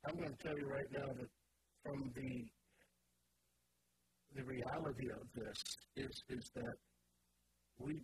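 A male pastor preaching a sermon with passion, his voice climbing from quiet asides to shouted lines. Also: medium pitch, a little slow, pauses often. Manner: impassioned preaching, swings from soft to shouting. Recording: noisy church recording.

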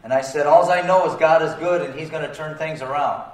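A pastor preaches a sermon in a plain, colloquial way, asking the congregation for amens. His voice sits a little high for a man. He sounds set back from the microphone, with a roomy echo around him. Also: brisk. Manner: call-and-response, asking for amens. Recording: roomy sound, distant from the mic.

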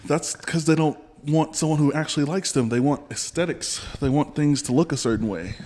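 A man's voice: on the high side, a little fast, a little mellow, slight background noise. A man hosting a podcast in casual chat, pressing his point and repeating it. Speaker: podcast host.

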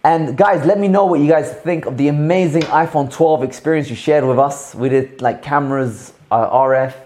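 A man's voice: on the high side, moderate pace. A man hosting a live stream, chatting casually and telling long, rambling stories full of restarts. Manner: rambling, animated storytelling with frequent restarts. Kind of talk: casual chat.

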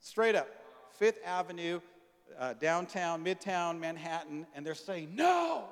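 Brief: man preaching a sermon, slangy storyteller, a bit high-pitched, long hall reverb. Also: a little slow, clear, resonant tone. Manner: animated storytelling, acting out dialogue, casual slang. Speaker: pastor.

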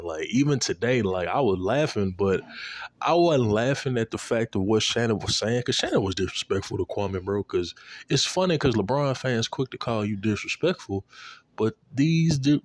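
A man in a casual, profane sports rant, animated and repeating himself, aimed at a commentator. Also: lowish voice.

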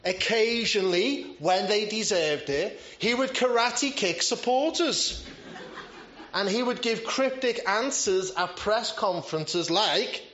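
A man delivers a sermon conversationally, sprinkling in self-deprecating humor. His voice sits high, slow and a bit bright, captured in a roomy, slightly dull church recording.

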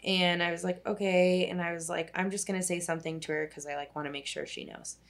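A young social worker speaks fast in a fairly low, steady voice. Chatting casually, she rambles through a long personal story, using "like" heavily and swearing casually once in a while.

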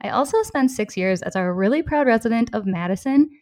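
A woman's voice: fairly high pitch, expressive, brisk, a little mellow, dry recording, clean studio sound. A woman in her thirties from Minnesota with a Minnesota accent, hosting a solo podcast in a friendly, upbeat manner with small laughs between phrases. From southeastern Minnesota, US. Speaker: podcast host.

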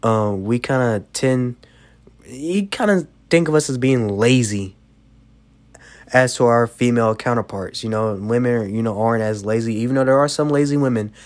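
A man's voice: medium pitch, moderate pace, a little mellow. Young man rambling through life advice. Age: young adult. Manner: rambling, heavy on "you know" fillers. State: sick, coughing. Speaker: podcast host. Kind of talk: casual advice monologue.

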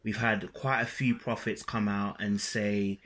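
A man's voice: fairly low pitch, flat delivery, a little slow, fairly bright tone. A young man as a guest on a casual podcast. He talks in an easygoing, hesitant way with lots of ums. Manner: easygoing, hesitant with many ums, laughs readily. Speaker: relationship YouTuber guest.

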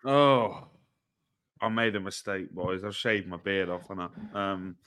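A man's voice: deep voice, a little slow, a bit bright. A young man with a self-mocking way of telling stories, co-hosting a casual football podcast chat. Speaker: podcast co-host.

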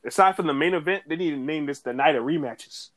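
A man co-hosting a casual wrestling podcast, talking in animated slang and laughing often. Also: fairly high pitch, fast talker, no room sound. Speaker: podcast co-host.

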